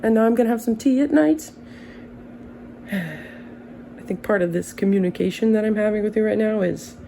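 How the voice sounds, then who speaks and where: A woman in her early thirties speaks in a relaxed, warm tone with plenty of vocal fry. She drifts through a casual monologue, wandering off on tangents with dry, self-mocking humor and the odd curse. A faint hum sits behind her. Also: mid-range voice, normal speed, low-quality recording. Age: early 30s. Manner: rambling, tangent-prone, wry and profane. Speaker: vlogger.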